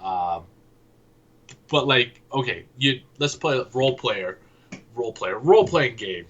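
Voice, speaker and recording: A man co-hosting a casual sports podcast, joking and animated as he makes his points. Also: mid-range voice, measured pace, husky, highs cut off. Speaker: podcast co-host.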